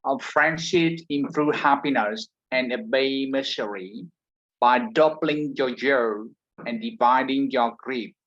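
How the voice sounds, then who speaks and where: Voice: mid-range voice, takes it slowly, muffled recording. A student carefully reading a sentence aloud in an online class.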